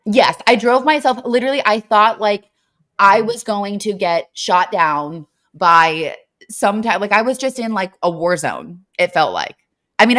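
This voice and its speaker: A young woman co-hosting a podcast tells a story in a casual, animated way, using lots of fillers. Her voice is mid-range.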